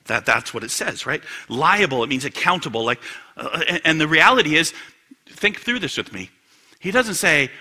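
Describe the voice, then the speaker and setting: A man preaching with a lively, far-ranging delivery and a brilliantly bright tone. His voice has a husky edge, and he pushes from booming emphasis down to near-whispered asides, peppering the sermon with rhetorical questions. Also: normal speed. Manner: animated, rhetorical questions, swings from loud to hushed. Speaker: pastor.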